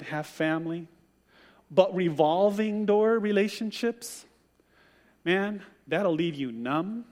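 Male pastor, sermon; higher voice, acts out quotes with animation; long room reverb.

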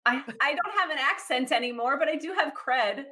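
A woman from Massachusetts hosting a casual sports podcast, chatty and quick to laugh, filling her talk with "like". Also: sits high, bright, forceful tone. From Massachusetts, USA. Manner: laughs often, chatty with many likes. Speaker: podcast host.

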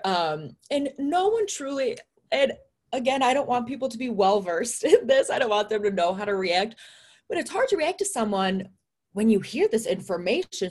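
A woman's voice: mid-range voice, a little mellow. A young woman in casual chat, talking openly and reflectively and laughing often.

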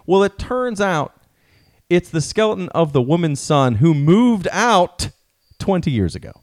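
A man's voice: fairly high pitch, measured pace. A man co-hosting a comedy podcast, telling odd news stories in a joking, casual way. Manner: joking storyteller, lively delivery. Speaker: podcast co-host.

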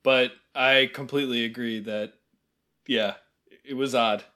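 A man's voice: mid-range voice, a little slow. A man with an ordinary mid-range voice chatting about a film on a podcast. He is easygoing and agreeable, and his speech is full of fillers. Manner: relaxed, agreeable, filler-heavy. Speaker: podcast co-host. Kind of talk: casual film review chat.

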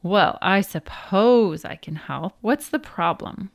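A woman's voice: mid-range voice, animated, takes it slowly, creaky, no echo, clean studio sound. A woman voicing a huge, proud, boastful male elephant in a storybook reading. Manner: boastful, pompous. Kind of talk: storybook read-aloud.

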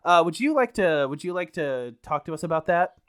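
A man's voice: a little high, sing-song, a little fast, clear, resonant tone. A young man from Michigan co-hosting a casual podcast, asking questions playfully with hesitant fillers. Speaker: podcast co-host.

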